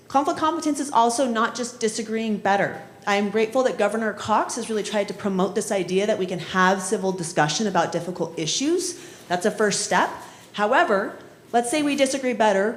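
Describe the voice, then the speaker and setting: A woman leading a workshop on conflict, talking in a relaxed, conversational way and often checking in with "right?". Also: mid-range voice. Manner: conversational, often adds "right?" and acts out quoted voices. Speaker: conflict trainer. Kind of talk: workshop lecture with storytelling. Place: municipal training session room. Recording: echoey room.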